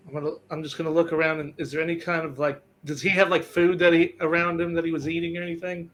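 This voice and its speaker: A man's voice: fairly high pitch, little pitch movement, fast talker, fairly bright tone, a little hiss or hum. A man playing a tabletop game, easygoing and laughing while he talks. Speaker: player. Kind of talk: casual tabletop play.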